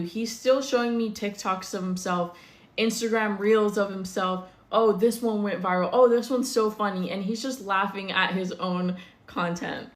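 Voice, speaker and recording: A woman's voice: medium pitch, echoey room. A young woman telling a dating story in a casual, blunt, profane way, sounding exasperated.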